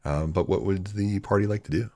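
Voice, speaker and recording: A man narrating a tabletop role-playing game as game master, in a relaxed, casual way. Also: deep voice, a little fast.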